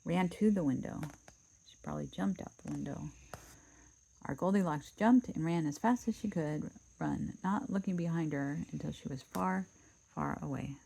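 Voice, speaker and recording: A woman casually reading a children's storybook aloud, relaxed and chatty, dropping in asides and cutting the story short. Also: low voice, moderate pace, vocal fry, breathy edge, poor audio.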